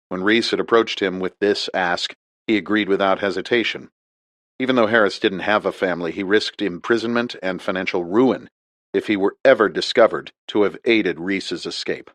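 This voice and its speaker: A man narrating an audiobook in a steady, measured read. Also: low-pitched, dry recording.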